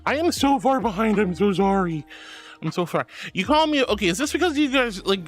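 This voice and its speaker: A woman's voice: mid-range voice, lively intonation, brisk. A woman streamer chatting casually with her live viewers, playful and theatrical, with mock-indignant protests and affectionate greetings.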